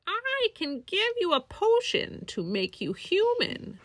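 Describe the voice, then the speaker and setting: A woman's voice: extremely high pitch, wildly swooping pitch, slow, no room sound, heavily acted. A woman voicing a cackling, menacing old sea witch in a children's storybook reading. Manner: menacing, bargaining.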